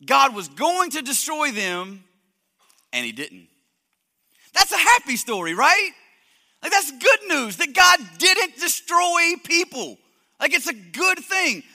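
A man delivers a sermon in an emphatic, animated manner, often repeating words as he drives points home. His voice is unusually high and very bright. A long hall reverb surrounds him. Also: takes it slowly. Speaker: preacher.

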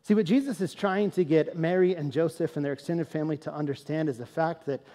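A man with a notably high-pitched voice preaches a storytelling sermon, chatty and animated at times and earnest at others. His voice rings out with a long reverb, as if filling a large church hall. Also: fast talker. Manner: conversational, animated storytelling that turns to earnest, quieter teaching. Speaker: pastor.

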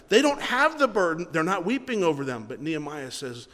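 A male pastor preaching a sermon, emphatic and repeating his words, slowing down to read scripture. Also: fairly high pitch, very animated, a bit bright. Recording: long hall reverb.

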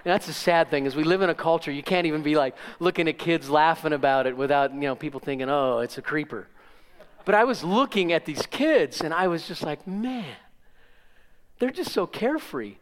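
Emphatic older pastor in a reverberant hall. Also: male voice, fairly high pitch, fast, few pauses, smooth. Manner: emphatic, addresses congregation directly. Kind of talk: sermon.

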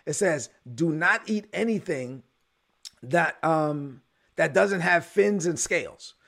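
A man preaching a sermon in an animated way, acting out the voices of churchgoers. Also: a little high, vocal fry, slightly rough. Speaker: pastor.

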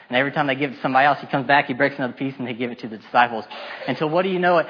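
A man with a husky, slightly raised voice preaching a sermon. He retells the story in lively, casual terms and acts out the complaining voices. The recording sounds dull and muffled. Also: on the high side, very fast. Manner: animated storytelling, acting out the disciples' complaints; casual modern asides and repetition.

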